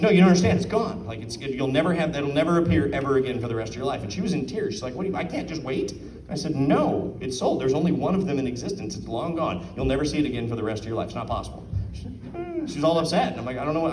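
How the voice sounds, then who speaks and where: A man's voice: medium pitch, a little mellow, distant mic, a little hiss or hum. A man giving a casual talk at an art auction, asking his audience questions and acting out quotes. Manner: chatty, asks the audience questions, acts out quotes. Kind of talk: casual presentation to a live audience. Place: room with an audience. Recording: roomy sound from off the mic.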